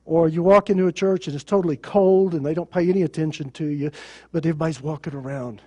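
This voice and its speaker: A man's voice: a little high, fairly even intonation, fast talker, darkish tone. A male pastor preaching a sermon in a plain conversational way, with sarcasm and rhetorical questions.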